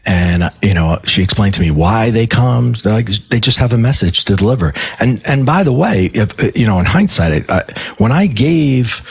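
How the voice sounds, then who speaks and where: A middle-aged man, a guest on a podcast, telling a personal story in a casual, animated way and acting out the dialogue. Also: lowish voice, moderate pace, creaky, slightly rough. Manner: animated storyteller who acts out quoted dialogue and swears casually. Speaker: podcast guest, medium and life coach.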